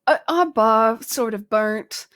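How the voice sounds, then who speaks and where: A woman's voice: on the high side, slow, a bit bright. A woman playing her character in a tabletop game, rambling and hesitant. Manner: rambling, hesitant, self-conscious. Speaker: player. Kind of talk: casual in-character role-play.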